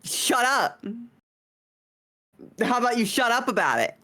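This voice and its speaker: A woman's voice: on the high side, sing-song, unhurried, pauses often, fairly bright tone. A woman streamer chatting casually on a live stream, teasing and bratty in a playful way.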